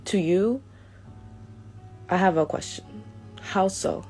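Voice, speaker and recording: A woman's voice: mid-range voice, takes it slowly, a little mellow, faint music behind. A young woman reading out a prepared statement to her followers, earnest and a little hesitant, often stopping to restart her sentences. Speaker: vlogger.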